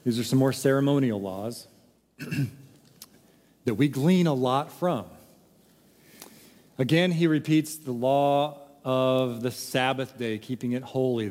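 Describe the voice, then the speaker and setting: A man's voice: mid-range voice, a little mellow, big-room sound. A man preaching a sermon, emphatic and full of rhetorical questions. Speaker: pastor.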